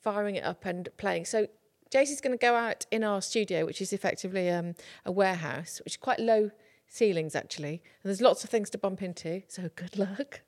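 A woman's voice: mid-range voice, fairly quick, a little mellow. Upbeat woman reading out specs. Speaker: tech show host. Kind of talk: casual chat with spec rundown.

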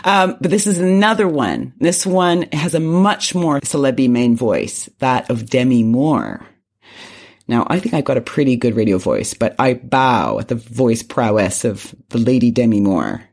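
A woman co-hosting a podcast in casual chat, playful and quick to laugh. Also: a bass voice, animated, darkish tone. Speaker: podcast co-host.

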